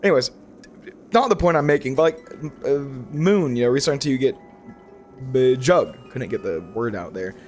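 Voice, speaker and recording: Faint music plays behind a young man of medium pitch and moderate pace as he comments on his game. The gaming YouTuber's talk is relaxed and meandering, lively, and full of self-corrections and sentence restarts.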